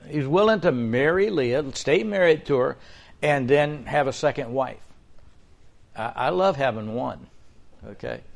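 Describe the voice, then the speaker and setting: Old pastor telling bible stories folksy style, cracks little jokes. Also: male voice, a little high, vocal fry. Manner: folksy storytelling, joking asides. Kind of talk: sermon.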